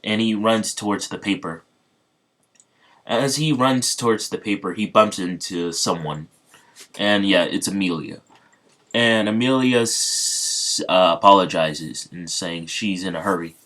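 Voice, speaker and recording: A man's voice: low-pitched, unhurried, a bit bright. A man casually retelling an improvised fan story, rambling with many fillers and restarts.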